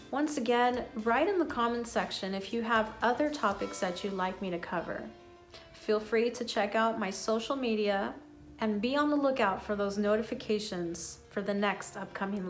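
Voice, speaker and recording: Woman, English teacher, slow and clear, calm delivery, faint background music. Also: mid-range voice. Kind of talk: online English lesson.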